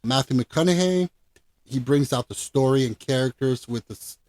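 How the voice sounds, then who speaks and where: A man's voice: medium pitch, moderate pace, a little mellow. A man hosting a casual film review podcast, talking enthusiastically and emphatically. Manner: enthusiastic, emphatic, laughs easily. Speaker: podcast host.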